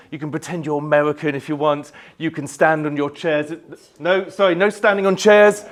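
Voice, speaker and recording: A man giving a live motivational talk, energetically leading the crowd in chants and telling his story. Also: fairly high pitch. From Yorkshire, England. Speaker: motivational speaker. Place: indoor event hall, live audience.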